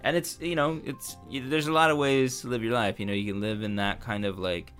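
A man chatting in a relaxed, reflective way as a podcast co-host. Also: medium pitch, a little fast, faint music behind. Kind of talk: casual chat.

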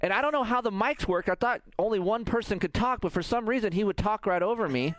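A man's voice: high-pitched, expressive, fast, fairly bright tone, no room sound. Exasperated man telling a wild tale. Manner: profane, laughing, exasperated. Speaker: guest telling a story. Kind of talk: animated storytelling in a played clip.

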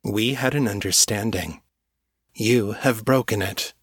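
A man voicing a cold, eerily calm male police officer who speaks steadily and almost gently. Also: lowish voice, unhurried, slightly rough, no echo, studio quality.

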